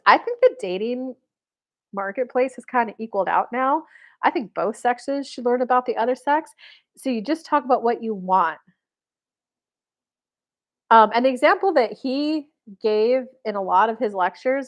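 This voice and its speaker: A woman's voice: fairly high pitch, moderate pace. A woman dating and spiritual coach, talking casually to camera in a chatty way, telling stories with many fillers. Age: adult mother of boys.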